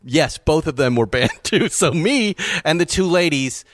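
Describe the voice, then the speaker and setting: A man's voice: fairly high pitch, lively intonation, unhurried, fairly bright tone, no echo, studio quality. A man hosting a car talk show, telling long rambling stories with frequent chuckles. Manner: rambling storyteller, chuckles often. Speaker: podcast host. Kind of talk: casual chat.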